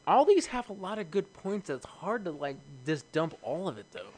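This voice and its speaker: A man's voice: high-pitched, very animated, normal speed. A young man with a slightly raised voice talks through films in loose, rambling casual chat. He swears freely and breaks into laughter often, with plenty of fillers.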